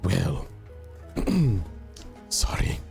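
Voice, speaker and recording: A man's voice: sits low, big pitch swings, very slow, vocal fry, a little mellow, soft background music. A man playing a tabletop role-playing game, talking in stammering, flustered apologies, slipping in and out of character. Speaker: player.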